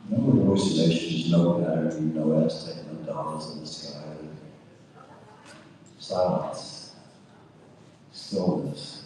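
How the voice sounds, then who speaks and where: A man slowly recounting a personal experience, halting with fillers and repetitions. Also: a bass voice, steady tone, warm tone, heavy reverb, in a large hall, distant mic, slight background noise, low-quality recording. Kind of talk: slow reflective storytelling.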